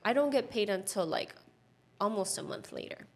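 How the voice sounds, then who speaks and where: A woman in her thirties giving a personal testimony as a podcast guest, earnest and heartfelt, with lots of "like" fillers and a hushed voice at tender moments. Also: mid-range voice, expressive, normal speed. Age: 30s. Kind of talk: personal testimony in casual conversation.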